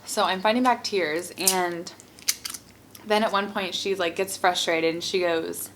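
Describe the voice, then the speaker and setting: A woman's voice: fairly low pitch, steady tone, measured pace, fairly bright tone, a little hiss or hum. A young woman vlogger telling a casual storytime while eating, chatty and exasperated, with many "like"s. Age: young adult. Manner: chatty, heavy use of "like", exasperated.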